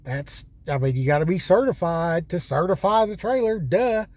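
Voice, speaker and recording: A man's voice: high voice, lively intonation, normal speed, a little mellow, no room sound. A man with an Oklahoma accent talking straight to the camera in a blunt, exasperated, rambling way, full of fillers. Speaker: vlogger. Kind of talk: casual ranting monologue. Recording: street and vehicle noise behind.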